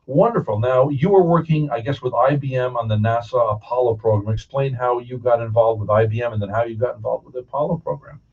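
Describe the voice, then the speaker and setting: A man's voice: mid-range voice, fast talker, hardly any pauses, slightly rough. A male interview host, enthusiastic and chatty, full of fillers, asking about a guest's career. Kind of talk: casual interview. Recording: muffled, distant mic.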